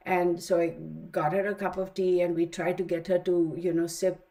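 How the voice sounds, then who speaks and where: With a fairly low, dark voice, the tarot stream host talks at a moderate pace in a level tone. The middle-aged woman, who has a Texan accent, chats casually and tells a long story full of fillers.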